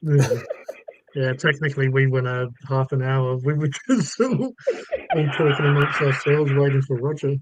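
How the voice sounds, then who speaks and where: A man chatting casually, tossing in quick jokes. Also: medium pitch, low-quality recording. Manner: joking, quick asides. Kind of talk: casual chat.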